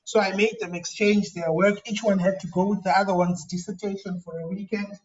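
Guy professor lecturing, high voice, kinda far off and muffled, lots of restarts. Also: steady tone, fairly quick. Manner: conversational, repeats words and restarts often. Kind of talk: lecture on academic writing. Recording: dull, distant lo-fi recording.

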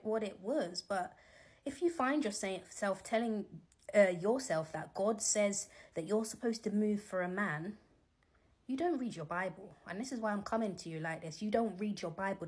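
Sassy woman preaching at home. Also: on the high side. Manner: animated, sassy, teasing. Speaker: Christian vlogger. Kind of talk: casual preachy commentary.

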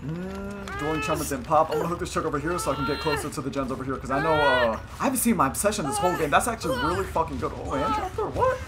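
A young man giving live commentary on his own gameplay, excitable and swearing often, yelling at players and then muttering tactics. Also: a little high, racing, hardly any pauses, a loud crowd. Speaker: gaming YouTuber.

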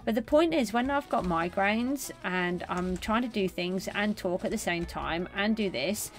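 A middle-aged woman streaming a game, chatting casually with viewers and answering them in a gentle, consoling way. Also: medium pitch, unhurried, faint music behind. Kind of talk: casual live-stream chat.

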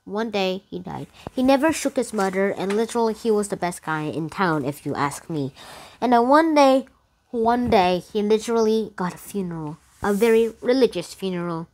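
A woman talks casually through a book review on her channel. She rambles and leans on fillers. Her voice leaps suddenly higher when she gets excited. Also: normal speed. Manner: rambling, loose, full of fillers and "literally"; animated, with sudden high pitch jumps.

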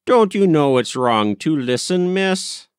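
A man's voice: on the high side, animated, slow pace, smooth, dry recording, studio quality, pitched above the performer's own voice. A man reading a story aloud, voicing a stern older woman housekeeper who speaks in a prim, reproving way.

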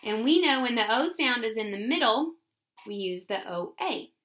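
A woman teaching a phonics lesson to first graders, sounding words out slowly. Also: a little high, animated, a bit bright. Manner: slow, exaggerated sounding-out of words. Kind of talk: phonics lesson for young children.

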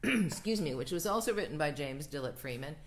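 A woman minister leading a church livestream offering and prayer in a slow, gentle, prayerful cadence. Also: low-pitched, lively intonation.

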